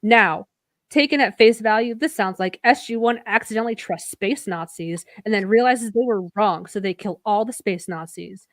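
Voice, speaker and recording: A woman's voice: medium pitch, moderate pace, no room sound, lightly acted. A woman voicing a scornful internet troll reviewer, reading in a sneering, theatrical way.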